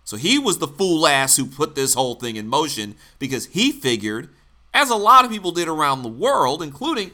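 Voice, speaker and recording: A man's voice: on the high side, pushed and bright. A man from the United States giving blunt, sarcastic political commentary, swearing freely. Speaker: commentary host.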